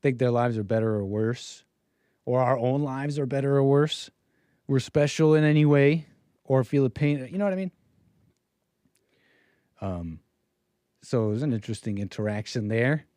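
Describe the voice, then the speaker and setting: A man's voice: mid-range voice, normal speed, long pauses, warm tone, clean tone, no room sound. Dry, rambling male livestream host. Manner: rambling, wry, puts on voices when quoting people. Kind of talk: casual storytelling monologue.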